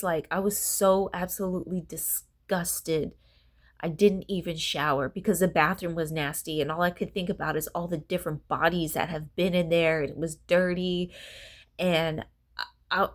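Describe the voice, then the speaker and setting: A woman telling a personal story to camera in a candid, rambling way, swearing freely and sounding tired. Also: lowish voice. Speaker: vlogger.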